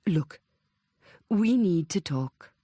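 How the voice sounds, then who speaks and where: A woman reading the lines of an earnest, eager adult man who talks in hurried, halting phrases. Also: sits high, lively intonation, dark tone, dry recording, clean studio sound, exaggerated voice.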